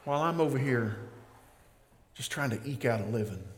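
A man preaching a sermon as pastor, slow and emphatic, building in intensity. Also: mid-range voice, animated, a little hiss or hum. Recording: long reverb of a large hall.

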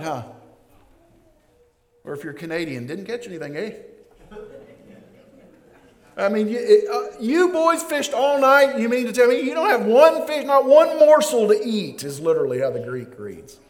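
A man preaching a sermon in a lively, joking way, acting out the scenes he describes. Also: extremely high pitch. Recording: long reverb of a hall.

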